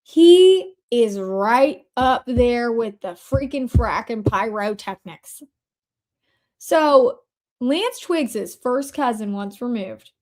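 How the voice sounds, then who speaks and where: A woman hosting a casual commentary show, talking chattily with sarcastic asides and quick shifts between fast and slow delivery. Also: fairly high pitch, a little mellow. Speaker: host. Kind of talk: casual commentary over screen shares.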